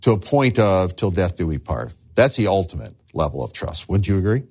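A man's voice: low-pitched, very animated, brisk, a little mellow, slightly rough. A man preaching a sermon as a pastor, earnest, asking the listeners rhetorical questions and repeating words as he starts phrases.

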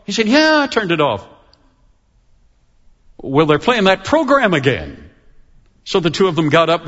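A husky man preaching a sermon, with a voice pitched a little high. His delivery is lively and animated, and it slows down to stress key words. The recording is dull and lo-fi. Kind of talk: sermon storytelling.

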